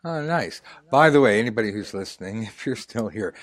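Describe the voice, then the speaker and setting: A man's voice: fairly low pitch, lively intonation, fairly quick, no echo. A man hosting a tarot lesson game, chatting in a jokey, rambling way while playing a dating role-play. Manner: jokey, rambling, breaks into laughter.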